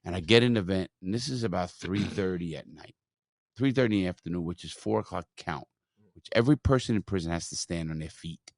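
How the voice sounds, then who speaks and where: A man hosting a podcast, telling a story in a blunt, profane, animated way. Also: low voice, a little fast, dry recording, studio quality. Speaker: podcast host.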